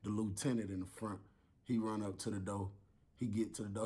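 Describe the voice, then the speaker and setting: A man telling a long story in an animated way, acting out voices and sounds as he goes. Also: on the low side, brisk, slightly rough.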